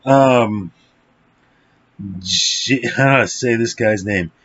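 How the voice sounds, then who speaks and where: A man's voice: medium pitch, slow, fairly bright tone, lo-fi sound. A man giving a casual, rambling film review, blunt and profane, with lots of fillers.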